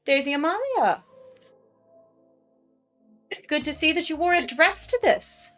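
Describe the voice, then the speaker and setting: A woman's voice: sits high, sing-song, unhurried, a bit bright, soft background music, pitched above the performer's own voice, exaggerated voice. Woman voicing a haughty snobbish society mother. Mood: cold. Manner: clipped, icy and condescending.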